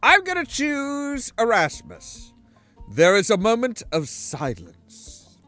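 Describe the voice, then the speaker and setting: A man's voice: very high voice, wildly swooping pitch, slow, pushed and bright, soft background music. A man reading a video game's text aloud, chatty, with asides and restarts. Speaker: game streamer.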